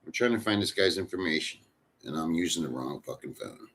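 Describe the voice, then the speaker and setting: A man's voice: low-pitched, lively intonation, a little fast, a bit bright. A middle-aged man chatting casually with live viewers, rambling and blunt, with frequent cursing. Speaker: livestream host. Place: in the Philippines.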